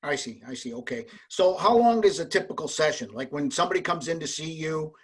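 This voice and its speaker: A man's voice: on the high side, lively intonation, a little fast, breathy edge. A man hosting a casual interview, asking friendly, rambling questions. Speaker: host.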